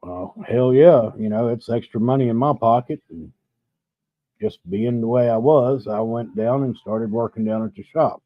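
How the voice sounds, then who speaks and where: A middle-aged man hosts a live stream, telling a rambling, profane story in a laid-back way over drinks. His mid-range voice moves at normal speed with no echo, and the recording has a dull, dry lo-fi sound.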